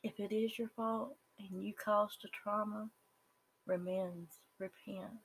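A speaker with a Southern US accent gives an earnest, halting personal testimony, with some words dropping to a whisper. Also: medium pitch, fairly even intonation, a bit bright, slightly rough, poor audio. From Southern United States. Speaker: person sharing their life story.

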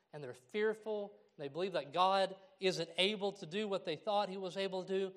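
A middle-aged man preaching a sermon in a church, animated and acting out the voices he quotes. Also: high-pitched. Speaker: pastor.

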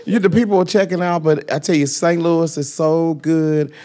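A man guesting on a podcast, telling lively stories and acting out the other people in them. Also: on the high side, normal speed. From Missouri. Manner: animated storyteller, acts out voices in his anecdotes. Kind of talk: casual podcast interview.

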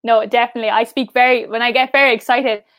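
A young woman from Cork with an Irish accent, chatting fast in an interview as a guest and often saying "like". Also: on the high side, fairly even intonation, a bit bright, dry recording, clean studio sound. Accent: Irish, Cork mixed with Mayo. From Cork, Ireland. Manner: fast talker, says "like" often. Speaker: pageant finalist guest. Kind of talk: casual interview chat.

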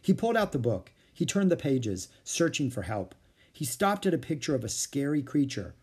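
A man reading a children's chapter book aloud, with a lively, expressive voice. His tone is slightly husky and he acts out the characters as he goes. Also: mid-range voice, normal speed. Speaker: storyteller.

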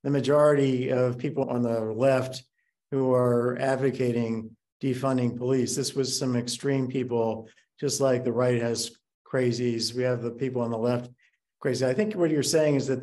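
Male host, mellow tone, measured and calm when challenging a guest. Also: medium pitch. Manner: measured, pushing back calmly. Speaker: interview host. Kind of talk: interview conversation.

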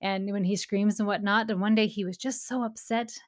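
A woman's voice: mid-range voice, steady tone, brisk. A woman in her thirties hosting a parenting talk, speaking in an earnest, encouraging, casual way, with touches of faith. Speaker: parenting podcast host.

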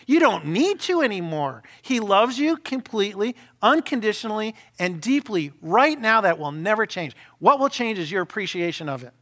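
A middle-aged senior pastor with a high-pitched voice preaches conversationally and animatedly, tossing out frequent rhetorical questions.

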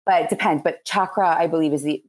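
Low-voiced Philadelphia woman guest. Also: fast. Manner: loose, rambling explanations. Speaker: guest, Reiki practitioner. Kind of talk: casual interview chat.

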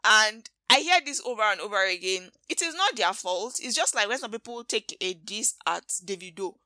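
Bright-voiced Nigerian woman podcaster. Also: medium pitch, moderate pace, no room sound. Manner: animated, gossipy storytelling with slangy asides. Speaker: podcast host. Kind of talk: casual movie recap chat.

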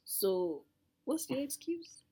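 A woman's voice: high-pitched, sing-song, slow pace, heavy background noise. A young woman co-hosting a casual chat, retelling gossip in a wry, sarcastic way. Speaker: podcast co-host.

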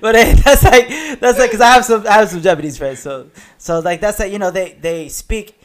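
A man's voice: high-pitched, a little fast. A man hosting a casual podcast, telling rambling stories with lots of cursing and laughter. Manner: rambling storyteller, cusses freely, laughs often. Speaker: podcast host.

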